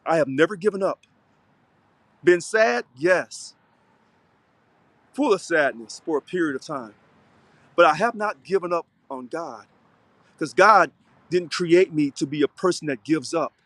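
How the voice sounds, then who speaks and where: Fiery preachy man with a high voice. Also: lively intonation, a little slow, long pauses, fairly bright tone, no echo. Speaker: local union president. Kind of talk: unscripted video monologue.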